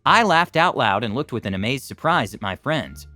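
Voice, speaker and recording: Male narrator, animated storyteller with lively pitch; faint music bed. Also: moderate pace, dry recording. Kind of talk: scripted narration of online stories.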